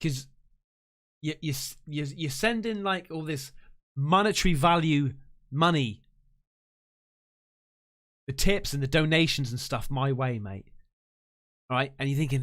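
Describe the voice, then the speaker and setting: A man hosting a live stream, chatting casually and excitedly, full of slang and thanking viewers effusively. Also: on the high side, measured pace, long pauses. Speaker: livestream host.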